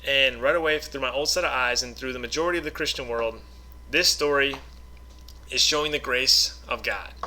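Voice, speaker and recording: Teaching scripture casually to camera, this man speaks at a moderate pace in a medium-pitched voice that sounds bright and pushed. He's an online Bible teacher who reads passages aloud and unpacks them conversationally, dropping frequent "okay?" and "right?" check-ins.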